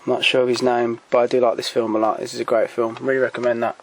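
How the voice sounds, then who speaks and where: A man talking casually and haltingly, with many pauses and restarts, giving enthusiastic recommendations as he shows his shelf. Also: medium pitch, level tone, background noise. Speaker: collector showing DVDs. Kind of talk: casual off-the-cuff commentary. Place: home room by a shelf.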